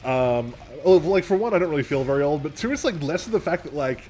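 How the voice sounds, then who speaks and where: A man's voice: fairly high pitch, animated, quick pace, darkish tone, faint music behind. A young man co-hosting a gameplay video, rambling in casual chat, laughing often and swearing casually. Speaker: gameplay co-host. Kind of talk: casual let's-play chat.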